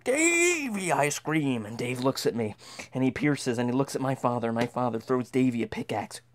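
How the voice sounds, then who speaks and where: A man's voice: medium pitch, steady tone, fairly quick, a little hiss or hum. A man telling a comic tall tale as a dramatic monologue, stammering and restarting often. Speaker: storyteller.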